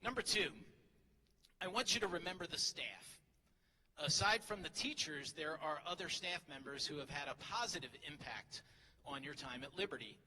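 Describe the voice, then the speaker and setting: His voice is on the high side and sharp, with lively intonation and a moderate pace. He's a middle-aged teacher at a podium in a large hall, giving a humorous graduation speech of teasing and self-deprecating jokes; the audio carries hall reverb and faint crowd ambience.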